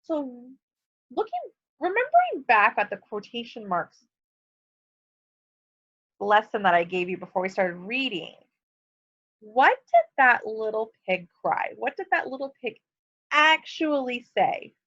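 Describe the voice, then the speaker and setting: A woman teacher reads a picture book aloud to her students in a fairly high voice. She keeps stopping to ask them questions and explain what the words mean. The recording has a dull, lo-fi sound. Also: sing-song, unhurried, long pauses, a bit bright.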